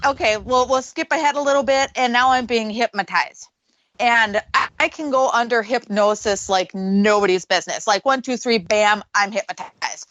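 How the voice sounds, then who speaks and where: A woman's voice: mid-range voice, fairly bright tone, no room sound, low-quality recording. A woman, a paranormal investigator, tells a story on a radio show and acts out the voices she quotes.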